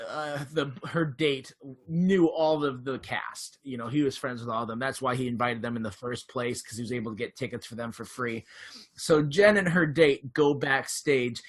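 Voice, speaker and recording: Animated man retelling a comedy episode. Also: fairly high pitch. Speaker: podcast co-host. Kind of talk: casual chat.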